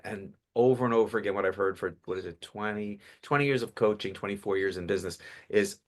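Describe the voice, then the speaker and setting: A man, a public speaking coach, talks as a guest in a podcast interview, telling animated stories with quick restarts. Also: lowish voice.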